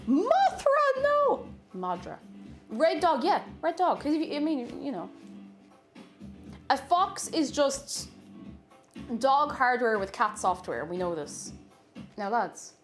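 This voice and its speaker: A woman's voice: takes it slowly, long pauses, faint music behind. A woman with an Irish accent, chatting playfully on a live stream while teaching an Irish word of the day. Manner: playful, bursts into high excited greetings to chat. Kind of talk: casual live-stream chat. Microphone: desk microphone.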